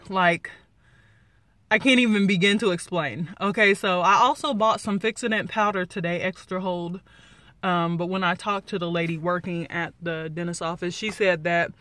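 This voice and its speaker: A woman giving a chatty, excited vlog update, with a slight lisp from new dentures and many fillers. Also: medium pitch, no room sound. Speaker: vlogger.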